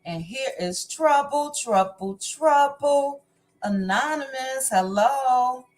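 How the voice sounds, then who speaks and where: A woman hosts a casual live stream, calling out viewers' names one by one in a slow, easygoing rhythm. Her voice sits at a middle pitch, friendly and chatty. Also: animated. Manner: unhurried, warm greetings to chat viewers by name. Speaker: livestream host.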